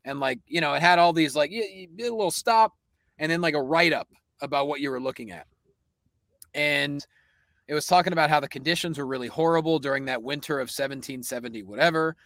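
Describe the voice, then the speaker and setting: A man's voice: a little high, a little fast, fairly bright tone, no room sound. A man from Pennsylvania co-hosting a casual comedy podcast, telling rambling stories and laughing often. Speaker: podcast co-host.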